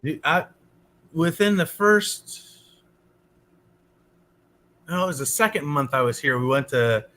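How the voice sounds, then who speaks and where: A man in casual chat, telling exaggerated anecdotes in an animated, emphatic way. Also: a little high, a little slow, long pauses.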